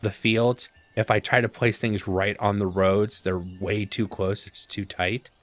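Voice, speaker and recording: A man casually commenting on his gameplay, thinking aloud with relaxed fillers. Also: lowish voice, measured pace, soft background music. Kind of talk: casual let's-play commentary.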